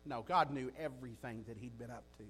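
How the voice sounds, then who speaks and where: A man preaching a sermon in a folksy, animated way, often asking his listeners "right?". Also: mid-range voice, a little fast, slightly rough.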